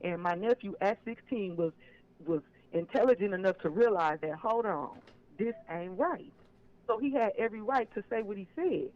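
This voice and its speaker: A man's voice: high-pitched, expressive, a little fast, a little mellow, highs cut off, slight background noise. A man calling in to a live show, telling his side in an emphatic, aggrieved way. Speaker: caller. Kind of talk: phone-in call on a live stream. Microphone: phone line.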